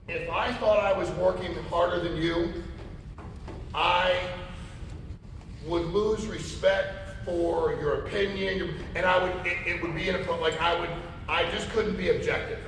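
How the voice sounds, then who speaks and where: A man with a high voice gives a storytelling keynote in a large conference hall, animatedly acting out the voices of the people in his stories. The recording is echoey and captured from far off, with a little hiss or hum.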